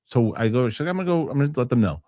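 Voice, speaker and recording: A man's voice: mid-range voice, expressive, racing, dark tone, no echo, studio quality. A man hosting a casual podcast, telling a story with many restarts and some swearing. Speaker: show host.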